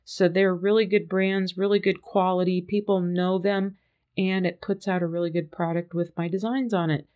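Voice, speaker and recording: A woman's voice: lowish voice, little pitch movement, normal speed, dull audio. Chatty woman hosting a podcast. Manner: chatty, upbeat, exclaims often. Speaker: podcast host. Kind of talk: solo podcast chat. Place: home studio.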